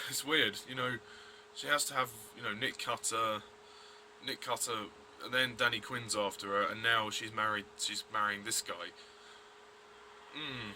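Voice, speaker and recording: A man's voice: medium pitch, bright, forceful tone, a little hiss or hum. A man giving a blunt, rambling review of a TV episode, full of fillers and restarts. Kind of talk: casual review vlog.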